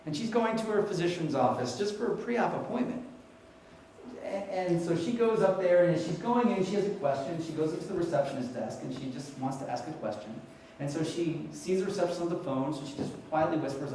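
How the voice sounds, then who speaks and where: A man from New York delivers a keynote talk as an animated storyteller who keeps putting questions to the audience. His voice sits a little high for a man. It rings through a very echoey hall, picked up from some distance with a faint hiss behind it. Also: fairly quick. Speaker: conference speaker.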